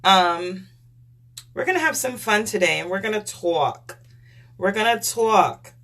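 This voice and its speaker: A woman's voice: medium pitch, expressive, measured pace, a bit bright. A woman chatting on a live stream, gushing as she shows makeup products and greets viewers by name.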